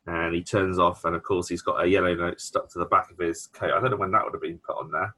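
Low, husky-voiced British man. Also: fairly even intonation, a little fast, sharp tone. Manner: thinks aloud with restarts and fillers. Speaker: podcast co-host. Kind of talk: casual chat recapping a sitcom episode.

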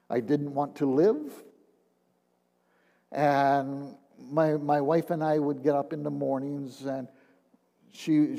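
An older man, a retired minister, giving a personal testimony, halting and repeating words, often dropping to a hushed tone. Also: mid-range voice. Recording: long reverb of a large hall.

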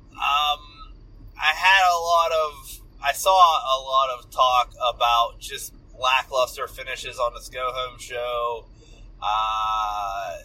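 A man's voice: medium pitch, pushed and bright, poor audio. A man co-hosting a podcast, easygoing and agreeable, leading the conversation to new topics. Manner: agreeable, easygoing, laughs often. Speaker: podcast co-host. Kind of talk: casual chat.

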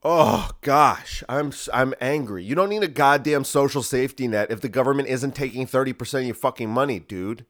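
A man's voice: mid-range voice, fast talker, hardly any pauses, a bit bright. Man ranting on a solo podcast. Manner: ranting, profane, sarcastic. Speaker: podcast host.

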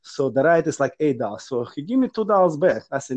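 A man with as his tells funny stories in broken English and swings his pitch widely as he acts out the people in them. His voice sits a little on the high side, and his speech is quick and theatrical. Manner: animated, acts out quoted voices with non-native grammar. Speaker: guest. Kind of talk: casual storytelling.

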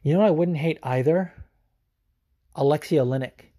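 Male podcast host, casual, profane, rambling; mellow voice, dry close mic. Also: a little high, normal speed, dry recording. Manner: profane, rambling, frequent fillers.

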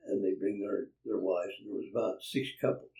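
In a distant, roomy recording, an older land developer shares folksy anecdotes for an interviewer and chuckles while voicing the people involved. He speaks fairly quickly, with a fairly low pitch, a dark tone and a steady delivery.

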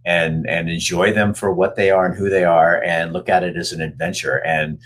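A man hosting a casual online chat, telling stories in a chatty, animated way. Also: low-pitched, normal speed, a little hiss or hum. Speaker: host.

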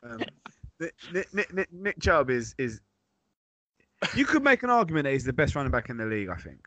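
A man co-hosting a podcast, talking sport in an animated, chatty way with jokey asides. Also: a little high, a little fast, no echo. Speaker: podcast co-host. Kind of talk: casual sports chat.

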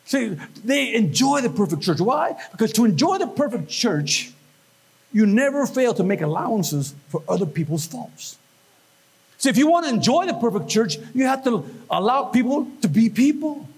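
A man preaching with a husky, high-pitched voice. He keeps the sermon lively and swings his pitch all over, acting out little voices and quotes as he goes. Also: normal speed. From Northern California. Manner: animated, acts out voices and quotes. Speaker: pastor.

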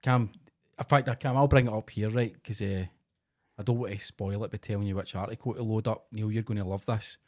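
A man's voice: on the low side, fairly even intonation, fairly quick, a little mellow. A Scottish man co-hosting a casual podcast, bantering and swearing freely. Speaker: podcast co-host.

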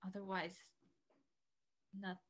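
A woman's voice: mid-range voice, monotone, slow, fairly bright tone, highs cut off. Young woman guest on a podcast, kinda hesitant, says like a lot, earnest. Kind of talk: casual podcast chat.

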